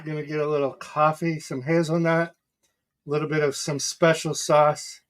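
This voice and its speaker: A man's voice: fairly high pitch, little pitch movement, moderate pace, no echo. A man hosting a live watch party from home, giving casual, rambling commentary full of swearing. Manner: profane, rambling, chatty asides. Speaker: live stream host.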